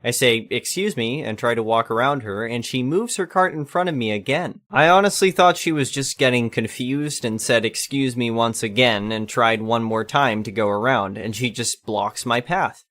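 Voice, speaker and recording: A man reading an online storytime post aloud in a plain, even delivery. His voice sits at an ordinary, middle pitch for a man. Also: normal speed, few pauses. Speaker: narrator.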